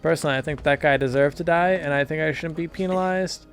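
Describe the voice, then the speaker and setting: Young man, gravelly, fairly high voice, swearing and rambling through gameplay commentary. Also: fast, faint music behind. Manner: profane, rambling, laughing often. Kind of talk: casual let's-play commentary.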